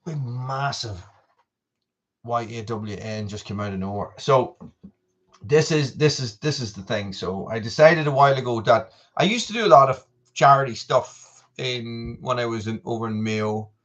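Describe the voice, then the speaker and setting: A man's voice: medium pitch, normal speed, fairly bright tone. A man, chatting casually and rambling on a live stream, full of asides and restarts. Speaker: vlogger doing a live chat.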